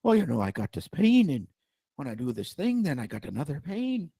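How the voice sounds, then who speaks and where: A man's voice: a little high, huge pitch swings, brisk, vocal fry, dark tone, husky, no room sound, full character voice. A chatty Irish patient rambles from aches to golf, as a man puts him on. The voice sits well above its usual range and bounces between questions. The sound is dry and close. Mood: rambling.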